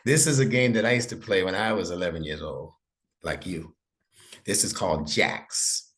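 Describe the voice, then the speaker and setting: This middle-aged imam and Arabic teacher has a low-pitched, fairly bright voice and an unhurried delivery marked by long pauses. Tutoring a young student individually, he patiently breaks things down step by step and confirms he has been understood.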